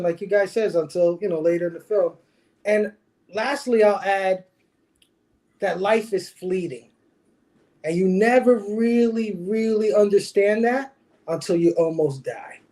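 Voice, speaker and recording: A man's voice: fairly high pitch, darkish tone. A man hosting a casual movie review podcast, talking in an easygoing, rambling way. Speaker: podcast host.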